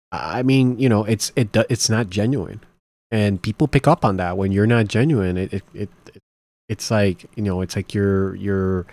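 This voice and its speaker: A man with a somewhat low voice comments casually on clips, circling his points and restarting sentences as he goes. The sound is dry and close, with little room around it. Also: darkish tone, no echo. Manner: rambling, thinking aloud with many restarts. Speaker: reaction video host.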